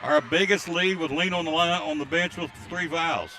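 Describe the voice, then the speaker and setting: A man calls a high school basketball game from courtside with a bright, forceful voice that sits a touch high. He rattles off scores and player names and speeds up with excitement on the fast breaks. A faint hum of game noise sits behind him. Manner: rapid excited calls during fast plays, reads out listener greetings. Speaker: play-by-play announcer. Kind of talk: live basketball play-by-play commentary.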